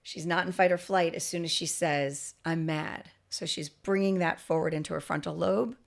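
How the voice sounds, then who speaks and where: A woman's voice: lowish voice, fairly even intonation, normal speed, vocal fry. A middle-aged woman, a guest expert on a podcast interview, explaining earnestly with frequent restarts and light laughs.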